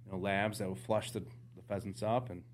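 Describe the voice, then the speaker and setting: A man's voice: fairly low pitch, fairly quick, slight background noise. A man guesting on a podcast, telling hunting stories casually and acting out the dialogue. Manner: animated anecdotes, acts out dialogue. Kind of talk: casual storytelling.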